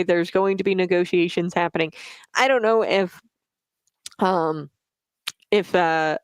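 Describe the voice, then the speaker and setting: A woman's voice: lowish voice, smooth, no room sound. A woman hosting a talk radio show, giving blunt, opinionated commentary with frequent fillers and restarts, on a studio microphone.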